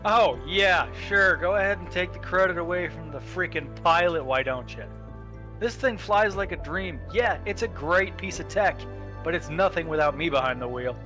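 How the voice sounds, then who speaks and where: A man's voice: high-pitched, normal speed, bright, forceful tone, soft background music. A man playing a cocky drawling starship pilot. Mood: indignant. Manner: boastful, teasing, folksy drawl. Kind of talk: playing a character in a tabletop game.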